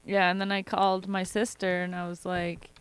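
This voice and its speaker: A woman's voice: lowish voice, level tone, normal speed, clean tone, no room sound. A young woman co-hosting a podcast in casual chat, swearing freely and telling stories with laughter. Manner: profane, storytelling with laughter. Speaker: podcast co-host.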